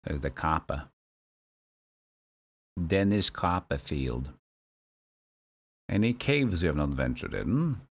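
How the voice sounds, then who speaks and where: A man streaming a video game, muttering his thoughts aloud in a relaxed way. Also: a bass voice, slow, long pauses, breathy edge.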